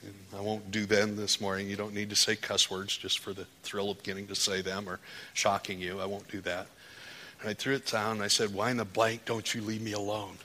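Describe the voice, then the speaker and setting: Man, preacher, sermon, fervent testimony, bright voice, echoing hall. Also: on the low side, little pitch movement, fairly quick. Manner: testimony building to impassioned, rising preaching. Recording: hall with long reverb.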